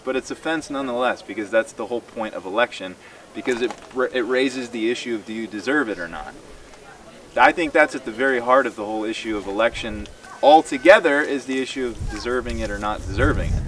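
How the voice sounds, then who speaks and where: Emphatic man teaching outdoors, far mic. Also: medium pitch. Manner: animated and emphatic, acts out quoted dialogue. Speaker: tour speaker teaching a group. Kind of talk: outdoor Bible teaching to a tour group. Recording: distant mic outdoors with crowd noise.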